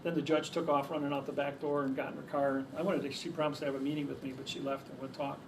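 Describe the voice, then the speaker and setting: A man's voice: mid-range voice, level tone, fast. A man telling rambling stories to a crowd, restarting his sentences over and over. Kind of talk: casual storytelling. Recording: distant mic, faint background noise.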